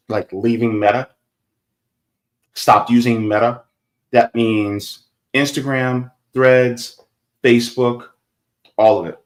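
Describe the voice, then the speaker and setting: A man hosts a casual livestream, chatting and reading viewer comments aloud. His voice is on the low side, and he gets loud and animated when things heat up.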